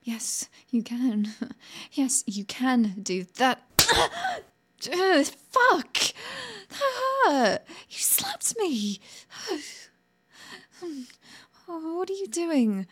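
A woman voicing a sharp-tongued young woman in an adult audio role-play, sarcastic at first, later stammering and pleading. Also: sits high, sing-song, extremely slow, pauses often, background noise, full character voice.

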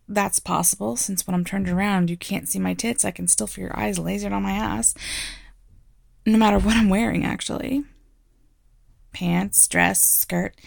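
A woman playing a slow, gravelly teacher. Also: mid-range voice, no echo, studio quality. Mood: teasing. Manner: teasing, blunt, laughs often. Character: playful, frank adult female teacher. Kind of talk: audio role-play.

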